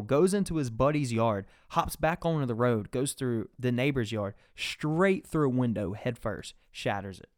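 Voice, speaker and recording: A man's voice: medium pitch, darkish tone, no room sound, clean studio sound. A young man hosting a podcast, telling a rambling, profane story in casual chat. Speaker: podcast host.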